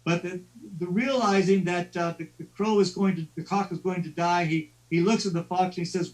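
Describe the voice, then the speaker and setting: A male lecturer talks through old tales in a loose, storytelling manner, often restarting his words. His voice is high for a man. He sounds distant from the mic on a live stream. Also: steady tone, moderate pace, hardly any pauses, darkish tone. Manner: conversational storytelling with stammered restarts. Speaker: lecturer on literature.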